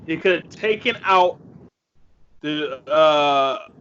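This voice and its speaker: A man's voice: fairly high pitch, slow, fairly bright tone, a little hiss or hum. A man co-hosting a podcast in casual chat, blunt and swearing freely. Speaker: podcast co-host. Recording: dull lo-fi audio.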